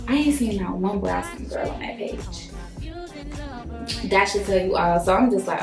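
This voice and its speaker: A young woman vlogger, telling a dating story in an animated storytime style, swearing freely and acting out quotes. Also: mid-range voice, moderate pace, creaky. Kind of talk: storytime vlog. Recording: echoey room, faint music.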